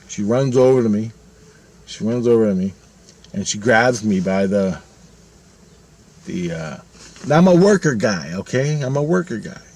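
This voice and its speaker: Middle-aged male vlogger, casual monologue, swears a lot, rambles, average pitch. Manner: profane, rambling, animated retelling.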